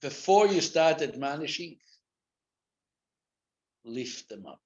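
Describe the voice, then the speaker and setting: A man teaching a live Torah class as a rabbi, mixing Hebrew and Yiddish terms into English and swinging from loud acted rebukes to quiet asides. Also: a little high, sing-song, slow. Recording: dull lo-fi classroom recording.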